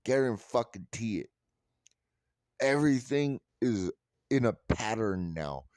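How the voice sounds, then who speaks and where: A man's voice: mid-range voice, expressive, slow pace, darkish tone, no room sound. A man delivering an angry, profane commentary rant, blunt and scornful, restarting words as he gets worked up. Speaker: online commentator.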